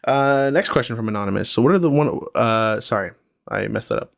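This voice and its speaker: Young guy podcasting, low gravelly voice, dry close sound, lots of ums. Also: brisk, no echo. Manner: reflective, rambling with many fillers. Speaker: podcast host. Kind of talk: casual solo podcast chat.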